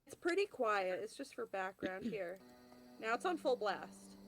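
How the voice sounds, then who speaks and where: A woman's voice: medium pitch, big pitch swings, measured pace, over music. A woman with asthma acting up, chatting casually on a voice call as she sets up a tabletop game as its game master.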